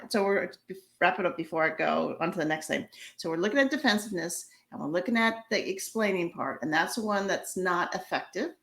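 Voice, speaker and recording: A woman therapist giving a casual spoken lesson on handling conflict in couples, pausing often and restarting her words as she coaches. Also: on the low side, fairly bright tone. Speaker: couples therapist teaching a course. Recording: echoey room.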